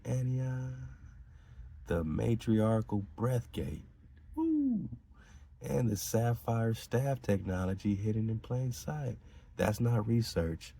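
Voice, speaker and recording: Man, low dark voice, husky, slow preachy delivery. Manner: emphatic, preachy, laughs between lines. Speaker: podcast host. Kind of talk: reading aloud and riffing on esoteric lore.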